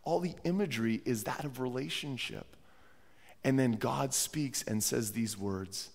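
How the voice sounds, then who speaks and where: An unhurried, creaky mid-range voice comes from a pastor preaching in a church sanctuary while he has a cold. He speaks earnestly, repeating words when restarting phrases, amid long church-hall reverb.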